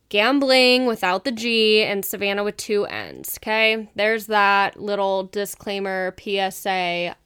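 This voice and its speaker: A woman's voice: mid-range voice, a bit bright, smooth. A woman in her twenties hosting her podcast in a casual, chatty monologue, talking frankly, swearing freely and laughing often. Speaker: podcast host.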